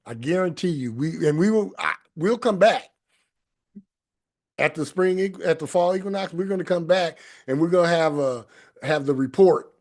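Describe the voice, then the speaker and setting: A man's voice: a little high, moderate pace, darkish tone. A man hosting a spiritual talk show, speaking emphatically and repeating phrases like affirmations. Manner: repetitive, emphatic, sing-song affirmations. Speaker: host. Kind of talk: spiritual talk show, casual group chat.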